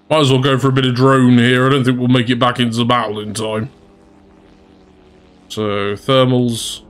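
A man's voice: mid-range voice, little pitch movement, moderate pace. A man giving casual, chatty gameplay commentary as a channel host, talking to his viewers and laughing at his own mistakes. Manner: chatty, self-deprecating, talks to viewers.

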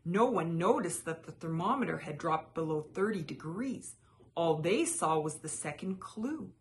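A woman reading a children's picture book aloud as a channel host, with lively, expressive storytelling. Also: on the low side, normal speed, a little hiss or hum.

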